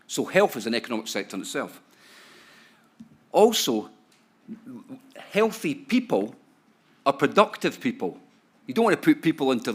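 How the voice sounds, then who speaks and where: A Scottish man speaking at a conference, chatty and playful, forever checking in with the room with a "right?" or "yeah?". His voice sits at an ordinary middle pitch for a man, and he keeps his talk relaxed and easygoing. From Scotland. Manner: chatty and joking, full of tag questions. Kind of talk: conference talk to a live audience. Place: conference hall.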